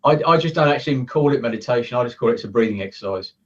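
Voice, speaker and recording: A man's voice: mid-range voice, animated, racing. A man speaking as a coaching guest in a casual interview from his office, earnest and acting out the thoughts he quotes. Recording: distant, muffled sound.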